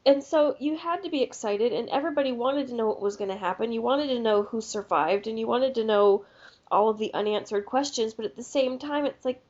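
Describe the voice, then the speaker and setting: Woman, casual podcast co-host, rambling storyteller, slightly high voice, dull lo-fi sound. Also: brisk, a little mellow. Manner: rambling storyteller with frequent restarts. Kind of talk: casual chat. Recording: lo-fi podcast audio.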